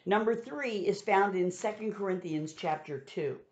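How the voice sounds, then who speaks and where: A woman's voice: medium pitch, moderate pace. A woman giving a conversational Bible teaching, retelling scripture in everyday modern words. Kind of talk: sermon teaching. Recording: dull lo-fi sound.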